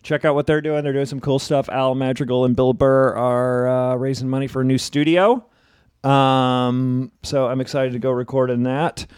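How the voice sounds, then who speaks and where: A man's voice: medium pitch, little pitch movement, moderate pace, a little mellow, clear, resonant tone, dry recording, clean studio sound. A man hosting a comedy podcast in loose, joking chat, swearing freely. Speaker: podcast host. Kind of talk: casual chat. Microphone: studio microphone.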